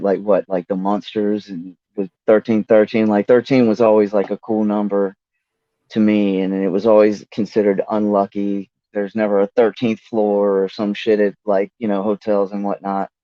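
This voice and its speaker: A man's voice: lowish voice, level tone, normal speed, no room sound. A man talking as a guest rapper in a rambling, laid-back way, swearing casually. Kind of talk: casual interview chat. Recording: dull lo-fi dry audio.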